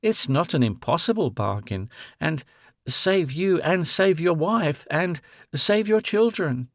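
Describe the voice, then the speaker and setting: A man voicing a grown woman who is tender, sorrowful and resolute, speaking with soft pleading. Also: on the high side, animated, slow, no room sound, clean studio sound.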